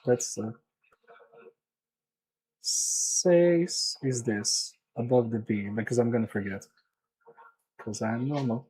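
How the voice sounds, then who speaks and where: A man streams an electronics repair live, speaking slowly with long pauses in a slightly mellow, medium-pitched voice with a breathy edge. He mutters along as he works, joking casually and making fun of himself.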